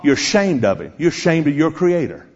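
A man's voice: fairly high pitch, sing-song, fairly quick, a little mellow, husky. A man preaching a sermon, speaking directly and challengingly to his congregation, on a dull lo-fi recording.

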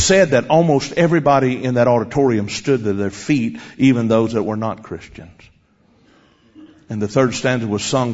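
Husky preacher challenging his congregation. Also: mid-range voice, normal speed, darkish tone, dull audio. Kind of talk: sermon.

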